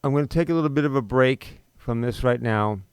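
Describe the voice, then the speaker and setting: A man's voice: mid-range voice, fairly quick, clear, resonant tone, no room sound. A man in his fifties hosting a talk show, delivering an unscripted, indignant monologue full of rhetorical questions and restarts. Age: 50s. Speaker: podcast host.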